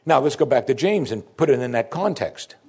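A man preaching a sermon, animated, swinging between loud emphasis and soft, quiet asides. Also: medium pitch, brisk, slightly rough.

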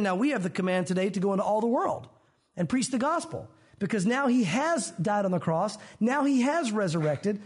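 High-voiced male preacher. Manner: expository preaching, reads scripture aloud and acts out quotes with shifting voices; conversational asides to the congregation. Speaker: pastor. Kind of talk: sermon.

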